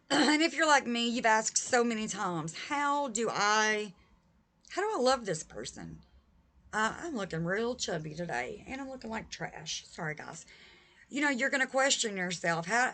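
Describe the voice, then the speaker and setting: A woman's voice: on the high side, pushed and bright. A woman talking to camera in a vlog, emphatic and heated, addressing her viewers directly. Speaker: vlogger.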